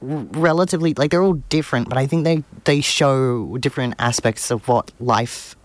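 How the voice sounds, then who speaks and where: A man's voice: medium pitch, moderate pace, no room sound. A man hosting community radio from a small studio, rambling along with a self-deprecating edge. His voice sits in a middle register. The studio mic sounds close and completely dry. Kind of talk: casual on-air chat. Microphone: studio microphone.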